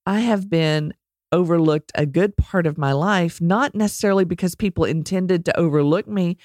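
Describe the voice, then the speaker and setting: A woman's voice: lowish voice, moderate pace, darkish tone, no room sound, clean studio sound. A woman with a Texas accent hosting her own podcast, talking in a chatty, candid way and joking at her own expense. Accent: Texan. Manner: chatty and candid, self-deprecating. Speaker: podcast host. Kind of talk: casual solo podcast talk.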